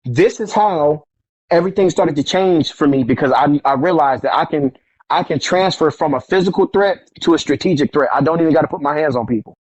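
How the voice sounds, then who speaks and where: Casual man spinning stories, acts out the quotes, slangy, kinda high-pitched. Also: a little fast, no room sound, lo-fi sound. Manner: animated, acts out quoted voices, street slang. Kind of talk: casual storytelling conversation.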